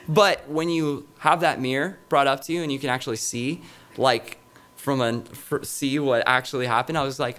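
A man's voice: a little high, fairly even intonation, normal speed, a bit bright. A middle-aged male pastor giving a sermon in a conversational, storytelling way, with many fillers and restarts. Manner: conversational, anecdotal preaching with frequent fillers.

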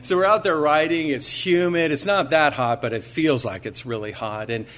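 A man preaching a sermon in an earnest, conversational way, asking his listeners rhetorical questions and slowing down to stress key phrases. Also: fairly high pitch, fairly bright tone. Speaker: pastor.

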